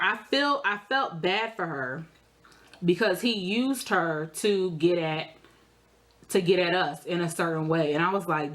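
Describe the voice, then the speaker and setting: A young adult woman, telling a story in a casual, animated way while eating, her voice jumping high for emphasis. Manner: animated, expressive storytelling with sudden high jumps in pitch. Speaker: vlogger.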